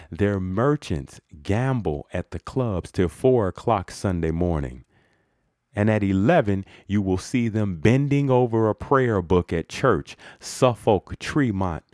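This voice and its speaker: Slow, deep-voiced man reading with dry asides. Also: darkish tone, no room sound. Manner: dry, wry asides between quoted passages. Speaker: reader. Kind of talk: reading an old speech aloud with asides.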